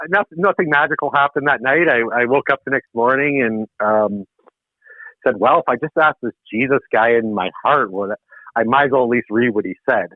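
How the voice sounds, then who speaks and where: Over a tinny, dry phone line, a medium-pitched Canadian man from Ontario guests on a podcast. He recounts his own story loosely and with energy, chuckling and poking fun at himself.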